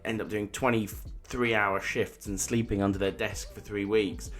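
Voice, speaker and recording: Low-voiced opinionated man. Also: level tone, normal speed, a bit bright, faint music behind. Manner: opinionated, talks in bursts with restarts. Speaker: podcast co-host. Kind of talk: casual film review chat.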